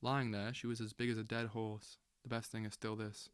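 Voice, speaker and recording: A man reading a literary novel aloud as an audiobook, slow and intense, with dramatic swells. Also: on the low side, monotone, clean tone, no room sound, studio quality. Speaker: audiobook reader.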